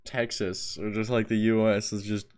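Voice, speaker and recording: A man's voice: lowish voice, normal speed. A man streaming a game, chatting casually and joking as he reacts to his viewers. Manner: excitable, joking, reacting to chat. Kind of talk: casual live-stream chat.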